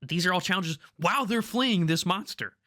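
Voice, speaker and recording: A man's voice: sits high, animated, normal speed, sharp tone, no echo, studio quality. A man co-hosting a podcast, chatting casually and eagerly about tabletop games. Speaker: podcast co-host.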